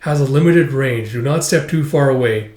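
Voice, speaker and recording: A man voicing a calm, cryptic old male space explorer, speaking slowly and formally. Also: medium pitch, reverberant, lightly acted. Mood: solemn.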